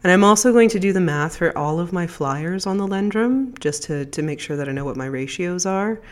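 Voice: mid-range voice, lively intonation, fairly quick. A podcast host with a stuffed-up voice from a lingering cold, talking in a chatty, rambling way. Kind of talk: casual solo podcast chat.

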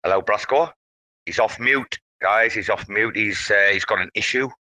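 A man hosting a casual online audio chat, talking in an animated, rambling way as he hypes up his community. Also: fairly low pitch, moderate pace, low-quality recording. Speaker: host.

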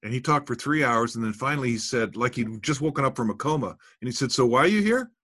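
A man's voice: medium pitch, quick pace, a bit bright, slightly rough. A man hosting an interview, chatting enthusiastically and sharing anecdotes. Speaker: host. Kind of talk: interview chat.

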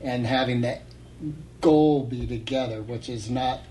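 A man interviewing a guest in a relaxed, reflective way, often with short prompts. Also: mid-range voice, unhurried, a little hiss or hum, poor audio. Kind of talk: casual conversation.

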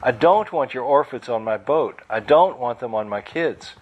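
A man's voice: mid-range voice, expressive, moderate pace, breathy edge, highs cut off. A man reading aloud, voicing a worried woman who firmly tells a guest to leave. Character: worried adult woman, firm mother protecting her family. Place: live bookstore reading.

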